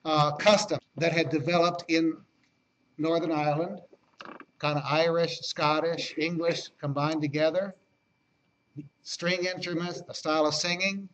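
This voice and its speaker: A man's voice: fairly high pitch, a bit bright, slight background noise, low-quality recording. A man teaching a history class as lecturer, talking conversationally and repeating key points for emphasis.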